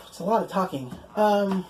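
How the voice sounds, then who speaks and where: A young woman casually recapping anime episodes, chatty and relaxed, full of "like" and casual swearing. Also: mid-range voice, a little slow, a little hiss or hum, poor audio. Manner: chatty, fills speech with "like", swears casually, acts out quoted lines in passing. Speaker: anime reviewer.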